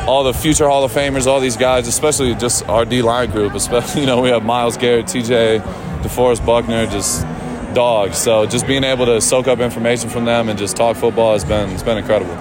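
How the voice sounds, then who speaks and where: A man, a football player, answering media questions outdoors after practice in a relaxed, halting way with many fillers. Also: mid-range voice, over music.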